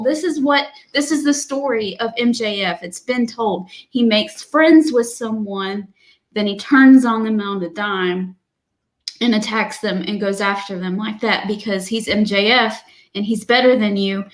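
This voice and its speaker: A woman co-hosting a wrestling podcast, recapping a match in animated, chatty storytelling. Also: fairly high pitch. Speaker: podcast co-host. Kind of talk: casual chat.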